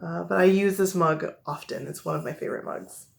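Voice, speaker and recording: A woman's voice: fairly low pitch, steady tone, fairly quick, vocal fry. A young woman with a Midwestern accent, chatting casually and rambling with many fillers and self-corrections as she shows off her collection. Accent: American Midwest. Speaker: collector showing her mugs. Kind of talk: casual show-and-tell chat.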